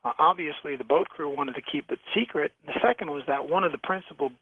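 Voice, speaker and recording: A man's voice: a little high, slightly rough, no room sound. Man from New York on a tinny phone line. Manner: halting, with many restarts and repeated words; lively storyteller. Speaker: guest, shipwreck diver. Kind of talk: telling stories in a phone-in radio interview. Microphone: telephone.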